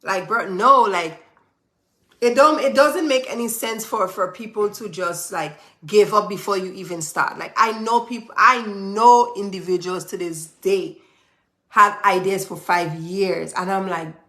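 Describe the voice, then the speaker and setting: A woman's voice: mid-range voice, unhurried, sharp tone. A woman giving a motivational talk to camera, emphatic and repetitive, in an echoey room. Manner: emphatic, preachy, repeats phrases for stress. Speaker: business owner giving motivational advice.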